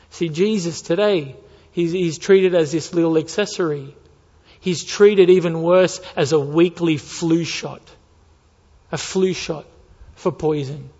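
A man's voice: on the high side, unhurried, breathy edge. Impassioned male preacher in a reverberant hall. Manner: impassioned preaching, building to urgent near-shouts. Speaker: pastor. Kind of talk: sermon. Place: church sanctuary. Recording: muffled with long hall reverb.

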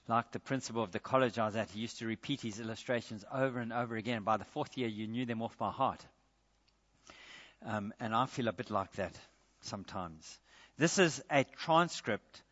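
A man's voice: medium pitch, a bit bright. A man preaching a sermon in a church, speaking emphatically, repeating phrases and asking the congregation rhetorical questions. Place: church, large hall. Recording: dull recording in a reverberant hall.

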